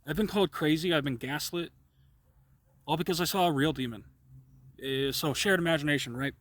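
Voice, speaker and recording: Guy vlogging an improvised story, rambling and swearing, kinda higher voice, stumbles over words. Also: fairly quick, fairly bright tone. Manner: rambling, profane, with stammered restarts. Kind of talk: improvised personal storytelling monologue.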